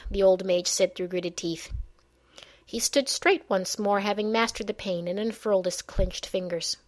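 Woman, audiobook narrator, measured storytelling, mid pitch.

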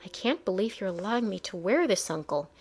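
Storybook: humble, timid young niece, quiet and unsure, read by a woman. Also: medium pitch, sing-song, a little fast, breathy edge. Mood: hesitant. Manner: hesitant, soft.

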